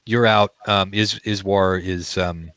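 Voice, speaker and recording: Male game master, low voice, dry close sound, casual describer. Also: fairly even intonation, takes it slowly, fairly bright tone, smooth, no room sound. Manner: loose, conversational scene description. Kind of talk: narrating a tabletop game.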